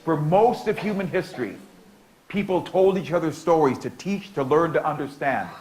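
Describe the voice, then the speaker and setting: Playful storytelling man, higher voice. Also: moderate pace, darkish tone, low-quality recording. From United States. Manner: playful, leads audience participation with cues; repetitive, rhythmic oral storytelling. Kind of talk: storytelling talk to a conference audience.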